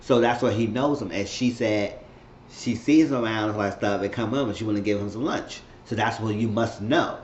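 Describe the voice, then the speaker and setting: A man's voice: fairly low pitch, a little fast, slight background noise. Man recapping a show in a roomy room. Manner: loose, rambling retelling with restarts. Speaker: TV show reviewer on his channel. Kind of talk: casual episode recap. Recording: roomy, slightly dull home recording.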